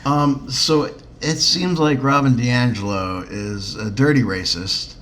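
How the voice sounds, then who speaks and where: Sarcastic man on a podcast, mid-pitched. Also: slow pace, a bit bright, a little hiss or hum. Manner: joking, sarcastic, swears freely, many ums and uhs. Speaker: podcast co-host. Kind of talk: casual podcast chat.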